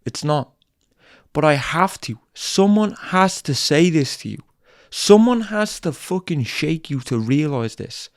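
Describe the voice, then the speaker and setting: Fairly high-pitched with lively intonation, a man hosting a podcast speaks at a measured pace in a clean studio with no room sound. Angry and emphatic, he lectures bluntly in a tough-love monologue, swearing heavily and repeating himself.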